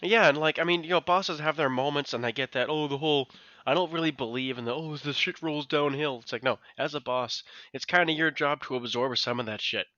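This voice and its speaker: Podcast co-host, male, bright edge, dry close mic with a slightly dull sound; animated, candid storyteller. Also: fairly high pitch, brisk, dry recording. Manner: animated storytelling, swearing freely. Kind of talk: casual chat.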